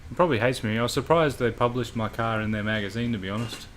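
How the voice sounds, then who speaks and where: Man, casual stream chat, relaxed and blunt, mid-pitched voice. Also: quick pace, a little hiss or hum. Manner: relaxed, blunt, swears freely. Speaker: livestream host.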